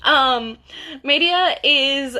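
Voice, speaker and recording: A woman's voice: high voice, extremely slow, sharp tone. A young woman, a bookseller, chatting casually about books on a livestream, full of fillers and asides. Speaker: bookseller hosting a book talk.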